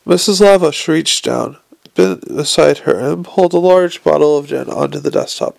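A man's voice: on the high side, normal speed, vocal fry, darkish tone. A man reading an audiobook in a dry, understated narrating manner. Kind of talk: scripted narration.

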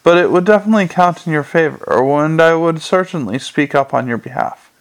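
An earnest, courteous young watch captain from a storybook, as a man reads him. He speaks patiently and mildly, with a gravelly edge to a fairly high voice. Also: lively intonation, a little fast, poor audio.

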